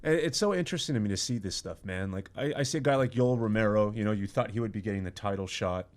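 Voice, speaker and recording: A man, a podcast guest, chatting casually in a studio and telling lively stories with frequent laughs and quick restarts. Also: lowish voice. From Iran. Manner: animated storyteller, laughs often, quick restarts. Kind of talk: casual chat.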